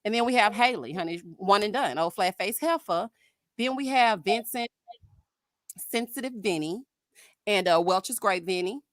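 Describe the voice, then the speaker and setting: A woman's voice: mid-range voice, moderate pace, dry recording. A woman hosts a casual live stream and talks back to her viewers with sass and flair. Her voice sits mid-range and sounds dry and close. She keeps calling people "honey" and "child.". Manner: sassy, animated, says "honey" and "child". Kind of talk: casual reality TV commentary.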